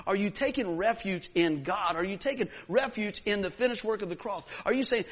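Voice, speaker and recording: A man preaching a sermon, telling a story with lively, acted-out moments. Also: high voice, fast, few pauses. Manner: animated storyteller, acts out scenes. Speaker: pastor.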